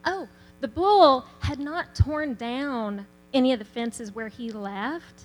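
A woman with a Southern accent telling a testimony story in an animated way, laughing often. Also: high voice, slow. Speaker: church member giving a testimony. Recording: long reverb, faint hum.

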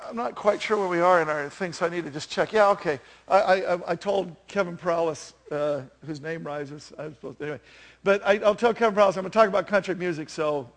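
A man in his fifties preaching a sermon in a chatty, self-deprecating way, telling stories with animation. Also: sits high. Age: 50s.

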